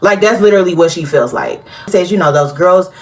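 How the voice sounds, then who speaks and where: A woman hosting a casual TV recap, chatty and animated, talking straight to her viewers and laughing often. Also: on the low side, a little fast. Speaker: TV recap host.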